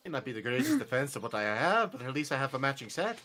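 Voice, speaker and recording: A man hosting a casual co-op game stream, playful and quick to laugh, with mock-offended teasing. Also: medium pitch, sing-song, sharp tone. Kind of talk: casual gameplay chat.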